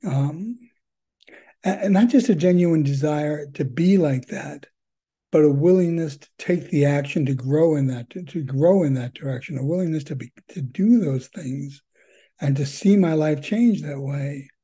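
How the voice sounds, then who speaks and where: Older man, recovery meeting testimony, earnest, rambling, husky, dark mellow tone. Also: a little high, measured pace. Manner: earnest, rambling with frequent fillers and repeats. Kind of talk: personal testimony.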